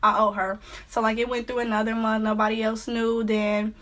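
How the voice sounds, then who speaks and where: Teen girl vlogger, slightly high voice, casual storytime chatter with lots of fillers. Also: flat delivery, normal speed, background noise. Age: teens.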